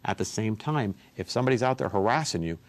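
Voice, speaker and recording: Lawyer guy explaining debt rules to folks, kinda low voice, chatty, uses examples. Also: lively intonation, fast talker. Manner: conversational, walks through examples, addresses folks. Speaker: consumer law attorney. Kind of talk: explaining a legal question to viewers.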